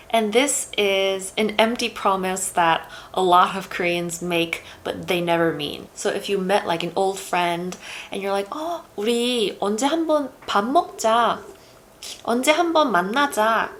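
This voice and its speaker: Woman explaining korean phrases, laid-back and chatty, mid-pitched voice, slight hiss behind. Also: fairly bright tone. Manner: chatty, with many fillers like "you know" and "like". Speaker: Korean language teacher. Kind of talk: casual explanatory lesson.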